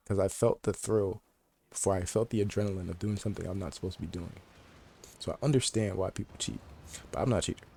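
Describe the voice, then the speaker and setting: A man's voice: lowish voice, gravelly, darkish tone. A young man telling a casual story to the camera, slangy and joking, laughing often as he talks. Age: young adult. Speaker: vlogger.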